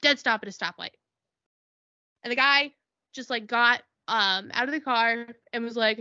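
A woman chats casually on a podcast, and her bright, fairly high voice is lively as she plays out each person in her stories. The mic sound is dry and a little dull, with no room around it. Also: normal speed, pauses often, no room sound. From Connecticut. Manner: animated storytelling, acts out quoted people. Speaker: podcast co-host. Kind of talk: casual chat.

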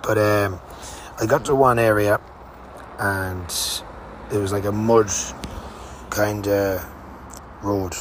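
A man's voice: on the low side, fairly even intonation, slow, long pauses, a little hiss or hum. A young man hosting a podcast, telling a rambling, casual travel story with fillers and the odd swear word. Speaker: podcast host. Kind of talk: casual spoken travel diary.

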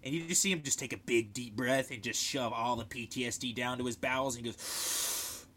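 A young man on a casual podcast, telling military stories in an animated, swearing way and shouting out the lines he quotes. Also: medium pitch, fairly quick. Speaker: podcast co-host, military veteran. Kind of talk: casual storytelling chat.

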